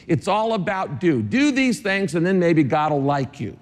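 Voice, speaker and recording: A man's voice: a little high, lively intonation, fairly quick, few pauses. A male pastor preaching a sermon to a congregation in an emphatic, repetitive way, with dry asides. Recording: long reverb of a large hall.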